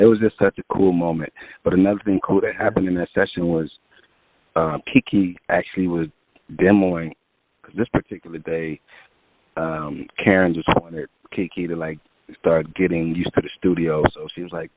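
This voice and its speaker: A man's voice: deep voice, steady tone, moderate pace, dry recording. A man, a music producer guest, telling long casual stories in an interview with many fillers. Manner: rambling anecdotes with many fillers. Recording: tinny phone-line sound.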